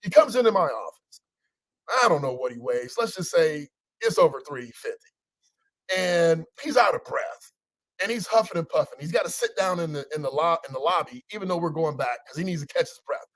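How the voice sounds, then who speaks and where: High-voiced energetic man coaching. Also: a little fast, no echo, rough recording. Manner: energetic, teasing, preacher-like repetition. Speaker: coach and show host. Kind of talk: casual motivational talk.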